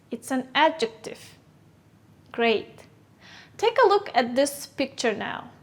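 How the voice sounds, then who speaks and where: Woman, English teacher, first language Kyrgyz, high voice, slow deliberate classroom drilling. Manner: slow, clear teacherly drilling with question and answer. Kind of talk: classroom vocabulary lesson.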